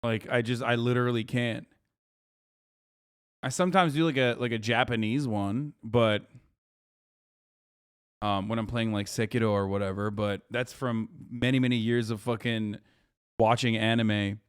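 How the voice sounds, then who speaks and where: A man hosting a stream, reacting to a show in loose, profane, animated chat. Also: mid-range voice, moderate pace, pauses often, clear, resonant tone, no echo, studio quality. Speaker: streamer host.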